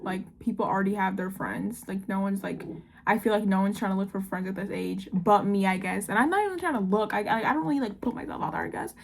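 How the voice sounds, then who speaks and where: A nineteen-year-old woman in a casual confessional vlog, talking fast and rambling with lots of "like" and "I don't know.". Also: mid-range voice, gravelly, a little hiss or hum. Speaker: vlogger.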